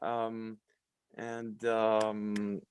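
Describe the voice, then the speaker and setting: A man's voice: on the low side, completely flat delivery, extremely slow, clear, resonant tone. A man from France hosting a casual livestream chat, speaking hesitantly with many fillers. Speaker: host of a French learning community.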